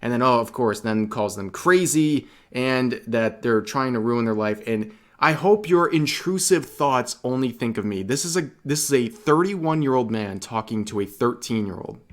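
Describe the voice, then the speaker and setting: A man's voice: medium pitch, expressive, moderate pace, few pauses. A man hosting an online commentary video, reading out chat logs and reacting with open disgust. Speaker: commentary channel host.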